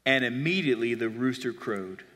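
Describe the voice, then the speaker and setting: A man's voice: mid-range voice, lively intonation, normal speed, fairly bright tone, big-room sound. A man preaching a sermon, reading scripture aloud and explaining it expressively. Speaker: pastor.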